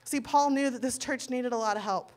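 Woman preaching in a fairly high voice. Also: fairly quick. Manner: conversational, acts out quoted dialogue. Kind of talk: sermon.

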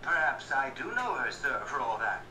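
A man's voice: mid-range voice, big pitch swings, moderate pace, background noise, voice pushed up, close to an everyday voice. A man voicing an obsequious, gossipy official who talks in an eager, ingratiating, sometimes stammering way. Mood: fawning. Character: fawning obsequious male official, gossipy know-it-all. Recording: roomy echo, distant mic, music behind.

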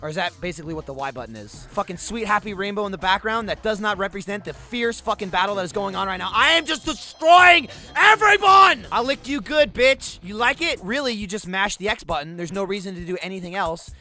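A man giving profane, comedic gameplay commentary, sarcastic and excitable, swearing constantly and bursting into shouts. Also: sits high, brisk, hardly any pauses, faint music behind. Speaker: video game commentator.

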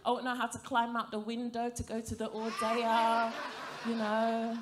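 A woman works a theatre crowd through a stand-up set. Her voice sits a little high and her delivery stays playful and chatty, full of questions thrown at the audience. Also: monotone, normal speed, noisy background. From African heritage, grew up in Britain. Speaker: stand-up comedian. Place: theatre stage before a live audience.

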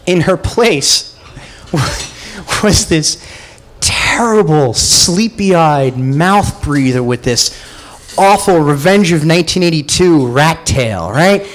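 A man with a high, very lively voice tells a comic personal story to a live audience. He mocks himself and acts out the people he quotes. Faint room noise from the pub hangs behind him. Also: takes it slowly, rough recording. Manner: animated, self-mocking, acts out quoted voices. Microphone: far camera.

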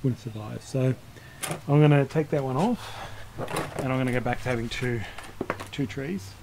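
Gravelly man explaining as he works. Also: medium pitch, moderate pace, noisy background. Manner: rambling, self-correcting, chuckles while working. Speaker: bonsai channel host. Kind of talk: casual hands-on demonstration.

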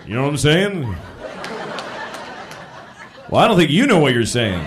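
A man performing a stand-up set on a live stage, talking conversationally with incredulous asides and sudden loud outbursts. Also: a little high, huge pitch swings, moderate pace, long pauses, some chatter behind, slight background noise. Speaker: stand-up comedian.

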